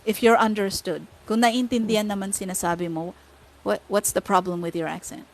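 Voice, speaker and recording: A woman's voice: mid-range voice, steady tone, fairly quick, rough recording. A woman, a guest on a podcast, talking casually and switching between Tagalog and English with frequent tag questions.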